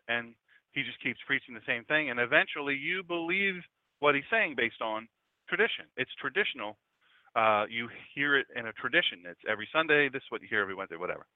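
A man's voice: medium pitch, no room sound. A man in his fifties from Delaware, a pastor preaching a conversational radio sermon with chatty, joking asides to his audience. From Delaware, USA. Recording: dry, tinny phone-like sound.

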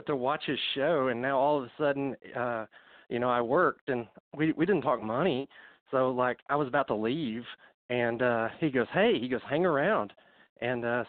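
This is casual storytelling on a call: a man from Middle Tennessee, mid-range in voice, recounts wrestling tales as a podcast guest. There's no room sound in the dry, phone-like audio, and he talks in a chatty, filler-heavy way while slightly out of breath.

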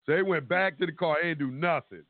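A man with a high voice tells a long, lively story on a call-in show. He voices the other people's lines himself and swears freely. The sound is tinny and dry, like a phone line. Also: fast, no echo. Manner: animated storytelling, acting out quotes, swearing. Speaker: caller.

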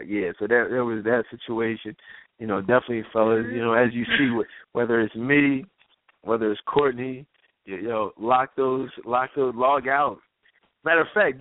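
Animated man on a tinny phone line. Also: a little high, slight background noise. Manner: animated, laughs often, acts out quoted voices. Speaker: talk show host. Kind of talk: casual storytelling on a live call-in show.

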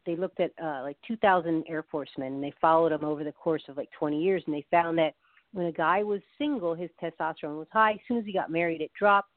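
Speaking quickly in a low-sitting voice, a woman explains the science of love as a guest expert in a relaxed interview. She chats and tells stories with quoted voices, and the phone-like, narrow audio has no room sound.

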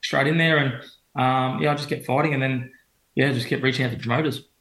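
This is a professional boxer, young and Australian, guesting on an interview and spinning loose, rambling stories full of restarts and filler words. His voice is mid-range, steady, somewhat bright and a little quick, captured in a roomy, echoing space.

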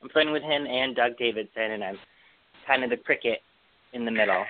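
A man's voice: medium pitch, a little fast, heavy background noise. Gushing chatty man on a phone-like line. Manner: gushing, chatty, lots of fillers. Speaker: podcast co-host. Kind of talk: casual chat. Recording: dry, phone-like sound.

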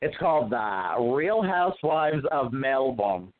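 A man's voice: mid-range voice, sing-song, takes it slowly. A man co-hosting a casual podcast chat, telling gossipy stories with plenty of swearing. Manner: profane, gossipy storytelling. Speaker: co-host. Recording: phone-like narrow sound.

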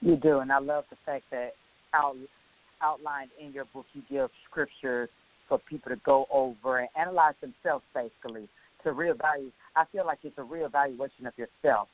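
A woman's voice: very deep voice, moderate pace. Emphatic woman host on a tinny phone line. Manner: emphatic and expressive. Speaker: radio show host. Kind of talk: faith-based interview.

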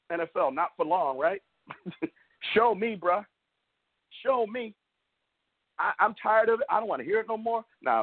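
A man hosting a sports talk show rants opinionatedly and mocks rival fans. His voice is fairly high-pitched and gravelly, and the audio is tinny and phone-like, dry with no echo.

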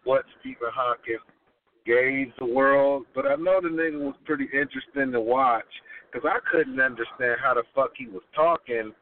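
A man's voice: medium pitch, moderate pace. A man hosting a podcast, chatting casually with a profane, rambling, laid-back delivery over a tinny, phone-like line. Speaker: podcast host. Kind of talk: casual chat.

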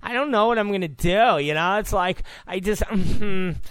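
A man's voice: sits high, moderate pace, a bit bright, smooth, no room sound. A man voicing a vapid young woman political pundit, using a mocking valley-girl drawl full of fillers. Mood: whiny mocking.

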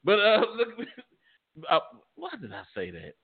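A man's voice: high voice, huge pitch swings, unhurried, creaky, husky. A middle-aged man in casual chat, stammering and laughing as he tells stories. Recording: tinny phone-like audio.

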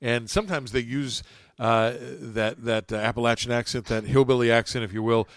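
A man's voice: mid-range voice, steady tone, moderate pace, no room sound. Courteous male podcast host, dry sound. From southern West Virginia. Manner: friendly broadcaster delivery, courteous. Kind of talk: interview podcast.

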